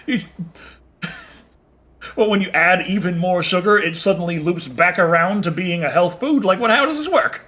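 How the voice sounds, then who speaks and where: A man chats loosely with his viewers while he plays, rambling from one thing to the next and swearing freely. His voice sits a little high and sounds bright and forceful, often breaking into a chuckle. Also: a little slow, long pauses. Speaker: streamer. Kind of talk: casual chat with viewers while playing.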